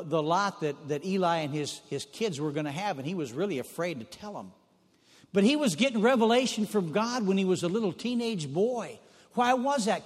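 High-voiced preacher in a reverberant hall. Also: male voice. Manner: folksy storytelling, repeats phrases for emphasis. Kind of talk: sermon.

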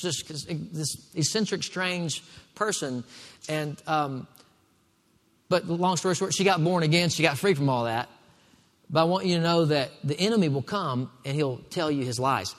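A man's voice: on the high side, a bit bright. Man preaching in a reverberant hall. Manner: preaching with call-and-response to the congregation. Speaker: pastor. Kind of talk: sermon.

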